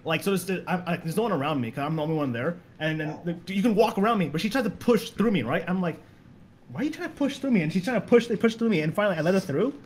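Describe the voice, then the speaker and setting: A man's voice: sits high, fast talker, few pauses, a little hiss or hum. A young man telling stories in a casual podcast chat, rambling and repeating words as he goes. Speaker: guest.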